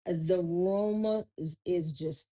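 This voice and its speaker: Lady chatting on a podcast, kinda low voice, tells it like a story. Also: very slow, mellow, low-quality recording. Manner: storytelling, addresses listeners as y'all. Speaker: podcast guest. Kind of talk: casual chat.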